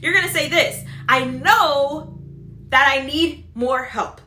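A mom advice vlogger with a high, bright voice speaks directly to the camera, sharing practical tips with other moms at a slow pace. She's chatty, repeating "right?" and "blah, blah, blah" and acting out quoted voices. Her room has a noticeable echo, with soft music in the background.

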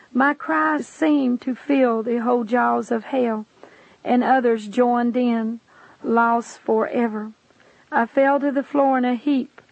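A woman's voice: fairly high pitch, vocal fry, no echo. Impassioned woman reading her testimony. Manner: impassioned, addresses the listener directly. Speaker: narrator giving a testimony. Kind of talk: dramatic first-person testimony reading. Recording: dull lo-fi dry recording.

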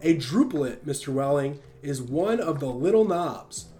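A pompous, preachy elderly doctor holds forth with emphatic certainty, as a male reader puts him on. The voice sits fairly high for a man, and soft music plays faintly underneath. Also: animated, a little slow. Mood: lecturing. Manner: lecturing, emphatic.

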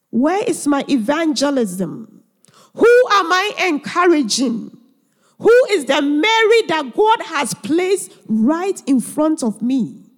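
A woman preacher delivering an earnest sermon full of emphatic rhetorical questions, heard in a church hall. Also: sits high. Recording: long church hall reverb.

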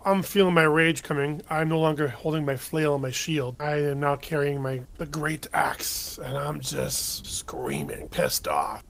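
A man playing a tabletop game, chatting casually and acting out his character with a gravelly, husky voice. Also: fairly high pitch, lively intonation, unhurried, hardly any pauses, a bit bright. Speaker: player. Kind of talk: casual chat and in-character play.

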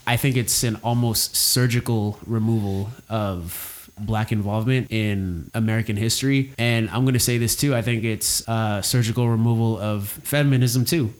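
A man co-hosting a casual film discussion, talking in an opinionated, conversational way with frequent fillers and restarts. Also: mid-range voice. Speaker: podcast co-host discussing a film.

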